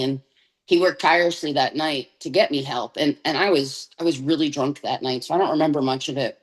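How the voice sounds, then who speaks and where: A woman with a notably low-pitched voice speaks as a guest on an interview podcast and gives her personal testimony. She tells it candidly and in vivid detail. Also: steady tone, brisk, low-quality recording.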